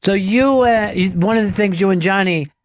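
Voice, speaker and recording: A man's voice: high voice, moderate pace, no echo. A man hosting a radio show in loose, profane, casual chat full of fillers.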